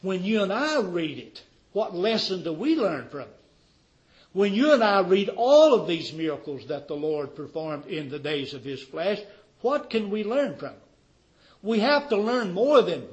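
A man preaching a sermon with fervor, firing rhetorical questions at his congregation and swinging from loud declarations to quiet, dropped endings. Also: high-pitched, very animated, measured pace, low-quality recording. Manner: fervent, rhetorical questions, wide swings in loudness.

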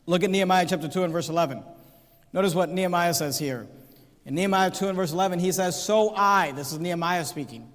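A man preaching a sermon, reading scripture aloud and building to emphatic, shouted points. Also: high voice, a little fast, long reverb tail. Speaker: pastor.

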